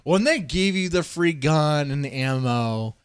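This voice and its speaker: A man's voice: fairly high pitch, expressive, a little slow, clear, resonant tone, no echo, clean studio sound. Profane rambling male streamer. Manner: profane, rambling, addresses chat directly. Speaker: streamer reacting to a video. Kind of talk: casual live-stream commentary.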